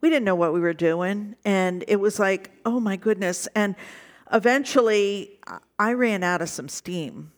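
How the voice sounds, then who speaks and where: A woman's voice: mid-range voice, a little slow. A woman pastor preaching a sermon, reflecting on the passage and telling a personal story.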